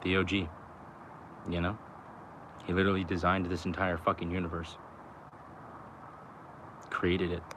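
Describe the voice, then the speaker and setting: A man's voice: low-pitched, background noise. A young adult man rambling about spirituality outdoors, in loose slang full of "like" and "you know" and frequent swearing. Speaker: vlogger. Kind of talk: rambling spiritual musing to camera.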